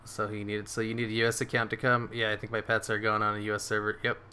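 A man giving excitable live commentary on his game, swearing and cheering his moves as he plays. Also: on the low side, fast, slight background noise. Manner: excitable, swears, laughs often. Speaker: gaming streamer.

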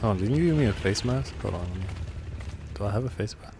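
A man streaming a game live, chatting with viewers and other players, swearing often and yelling and laughing when he gets attacked. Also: fairly low pitch, lively intonation, a little fast, background noise. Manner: talks to chat and other players. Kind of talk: live gameplay streaming chat.

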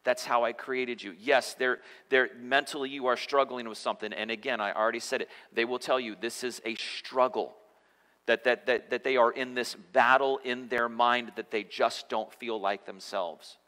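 A man's voice: mid-range voice, fairly even intonation, normal speed, pushed and bright. Man preaching in an echoing church. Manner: conversational preaching with frequent restarts and repeated words. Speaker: pastor. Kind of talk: sermon. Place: church sanctuary. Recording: church hall reverb.

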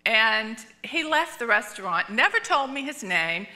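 Older female church teacher, bright tone, animated storyteller voicing the people in her stories. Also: a little high, measured pace. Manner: animated, laughing storyteller acting out quotes. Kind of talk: storytelling sermon. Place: church sanctuary.

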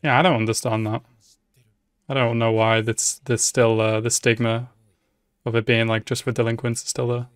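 An excitable young man reacts to an anime episode in a loose, casual way, cursing often and calling out at what he sees. His voice sits at a middling pitch for a man, recorded close and dry with no room sound. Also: moderate pace, clear, resonant tone, dry recording. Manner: excitable, swears a lot, laughs and shouts at the screen.

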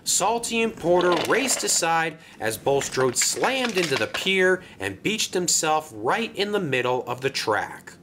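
A man narrating a homemade toy-train story in an expressive storybook manner. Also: on the high side, a little slow, hardly any pauses, noisy background.

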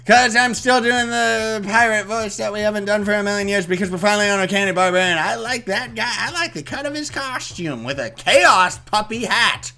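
A man's voice: high voice, moderate pace, hardly any pauses. A young man hosting a video game let's play, talking playfully and goofily while he plays. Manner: playful, goofy, shifts into silly character voices and shouts. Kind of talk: energetic game commentary.

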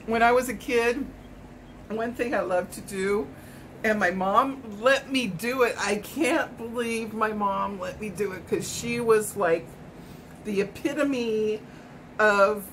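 A woman's voice: medium pitch, takes it slowly, long pauses, slight background noise, rough recording. A middle-aged woman from Hawaii cooking in her home kitchen, chatting in a rambling way as she tastes and snacks. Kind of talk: casual cooking chat.

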